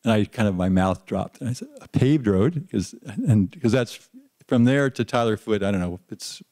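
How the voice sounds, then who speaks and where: A man's voice: fairly low pitch, normal speed. An older man on a panel telling an anecdote about his teaching days, often chuckling and restarting his sentences. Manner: lively storyteller who chuckles and restarts often. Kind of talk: anecdotal storytelling.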